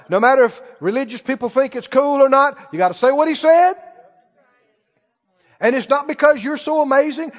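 A man's voice: extremely high pitch, big-room sound, highs cut off. A man preaching a sermon with emphasis, repeating phrases and acting out imagined speakers.

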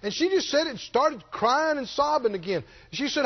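A man's voice: extremely high pitch, expressive, moderate pace. A middle-aged man preaching a sermon, telling a story and rising to stress his key points. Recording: dull lo-fi sermon recording.

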